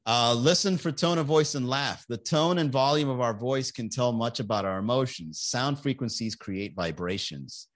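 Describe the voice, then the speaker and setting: A man's voice: medium pitch, a bit bright. A man hosting a comedy podcast, chatting casually and reading viewer comments, profane and sarcastic, often laughing at his own jokes.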